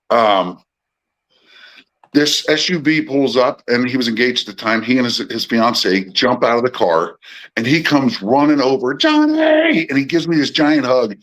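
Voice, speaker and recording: A middle-aged man holds court as a podcast guest, his voice sitting at an ordinary middle pitch. He rambles through stories full of restarts and slips into little acted-out quotes. The delivery is loose and casual. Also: a bit bright, low-quality recording. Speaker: podcast guest, former personal assistant to musicians. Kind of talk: casual storytelling interview.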